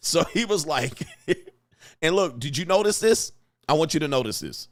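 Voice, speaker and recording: A man hosting a commentary vlog, talking in a profane, animated way and acting out quotes. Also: on the high side, moderate pace. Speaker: host.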